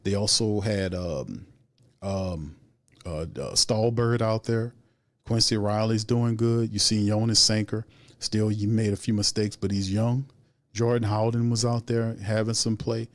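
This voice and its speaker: Man, sports commentary, exasperated, fairly low voice. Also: steady tone, a little slow, no room sound. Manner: heated, repetitive, rising into exasperated outbursts. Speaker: sports show host.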